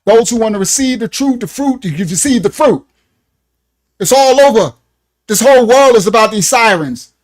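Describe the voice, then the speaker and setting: A man teaching an informal Bible lesson for his ministry, blunt and slangy, with an animated, riffing delivery. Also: very high voice, moderate pace. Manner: slangy, blunt, streetwise preaching.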